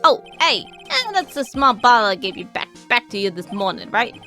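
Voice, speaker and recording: A woman puts on an eager, good-hearted male detective who talks in folksy buddy slang. The tone is bright and lively, over soft game music. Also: fairly high pitch, normal speed. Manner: folksy, eager, with "pal" and "you bet". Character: loyal blustery male police detective.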